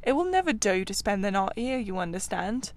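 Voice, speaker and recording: Woman doing a cheery brave river rat, soothing, brisk, hearty storybook voice. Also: medium pitch, sing-song, a little mellow, no room sound, lightly acted. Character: brave, good-natured male water rat.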